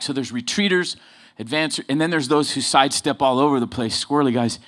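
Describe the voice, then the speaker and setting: A man preaching a sermon full of personal stories, swinging between loud emphasis and low asides. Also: brisk. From Southern California.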